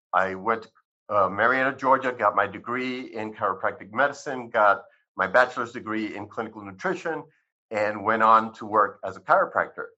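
A man's voice: fairly low pitch, bright, forceful tone. A man in his sixties, a chiropractor being interviewed, tells his life story in a rambling, conversational way with many fillers and re-enacted quotes. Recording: slightly muffled recording.

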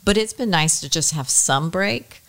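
A woman's voice: on the low side, animated, normal speed, fairly bright tone. A middle-aged woman co-hosting a casual chat in a reflective, conversational way. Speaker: podcast co-host.

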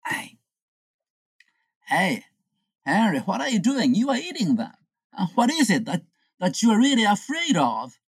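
A woman's voice: sing-song, dry recording, full character voice. A woman voicing scheming young male friends who plot a prank. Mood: puzzled. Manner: conspiratorial, low and deliberate. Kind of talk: comic storytelling.

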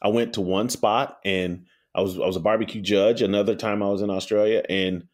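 A man's voice: on the low side, fairly even intonation, a little fast, a little mellow. A man with a Southern American accent, a pitmaster guest telling easygoing stories and repeating words as he starts his thoughts. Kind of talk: interview storytelling.

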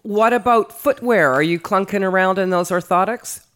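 A woman's voice: mid-range voice, normal speed. A woman co-hosting a casual interview, friendly and asking questions. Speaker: co-host.

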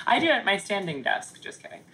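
Joking woman co-host with a bright voice. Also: medium pitch, wildly swooping pitch, fairly quick, creaky. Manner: jokey, laughs often, mock newscaster reading. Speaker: podcast co-host. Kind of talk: casual comedic chat.

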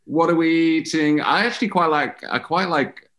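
A man's voice: on the high side, moderate pace, a bit bright. A man, a musician guest on a video call, talking in a rambling, hesitant way full of fillers. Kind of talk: casual conversation.

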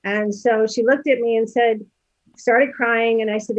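A woman's voice: a little high, fairly even intonation, normal speed, no room sound. Chatty woman in her fifties, dull recording. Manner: chatty, rambling, many fillers and restarts. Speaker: podcast guest. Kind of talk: casual storytelling interview.

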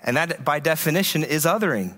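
Animated preacher in an echoey hall. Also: male voice, fairly high pitch, brisk. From USA. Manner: conversational, animated storytelling with frequent restarts. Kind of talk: conference sermon. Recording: echoey hall with long reverb.

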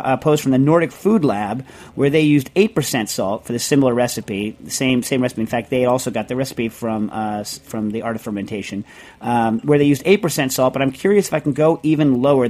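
A man's voice: medium pitch, a little mellow. Rambling man hosting a food show. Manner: rambling, restarts, reads listener letters aloud. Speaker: podcast host. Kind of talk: casual radio chat.

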